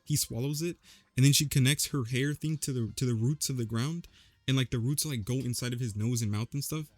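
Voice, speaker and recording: A man's voice: mid-range voice, a little fast, no room sound. A young man casually recapping a movie, rambling with lots of slang and fillers. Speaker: vlogger.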